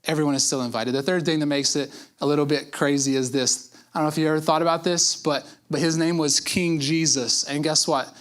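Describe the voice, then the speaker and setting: A man's voice: a little high, steady tone, fairly quick, few pauses, fairly bright tone. A man pastor giving a conversational sermon, acting out quotes and repeating words for emphasis. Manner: conversational preaching with acted-out quotes and repetitions.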